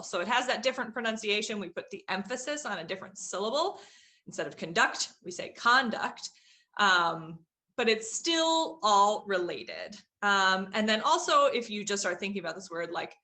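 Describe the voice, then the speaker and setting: A woman's voice: mid-range voice, sharp tone. A young woman giving a casual vocabulary lesson, chatty, with frequent fillers and hedges. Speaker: teacher.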